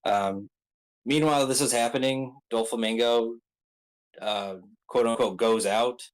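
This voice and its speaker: A video creator recaps an anime arc in a mid-range male voice, steady and unhurried, though the recording is rough. He rambles casually through the story, full of ums and uhs, tossing in joking asides.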